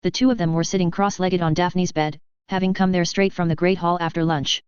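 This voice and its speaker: A woman narrating a fan story audiobook with steady, even storytelling. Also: lowish voice, a little fast, clear, resonant tone, no echo, muffled recording.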